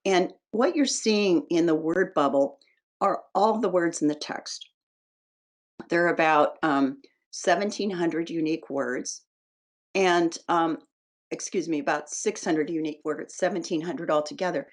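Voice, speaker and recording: Scratchy-voiced woman giving a webinar lecture. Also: on the low side. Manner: measured, explanatory, with occasional throat-clearing. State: scratchy voice with intermittent coughing. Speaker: education researcher presenting a webinar.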